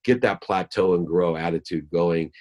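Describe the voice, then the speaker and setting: Male guest, very low-pitched, motivational speaker who stacks phrases for emphasis. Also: normal speed, a little mellow. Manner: emphatic, lists ideas in rhythmic phrases; acts out voices when telling a story. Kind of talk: motivational talk.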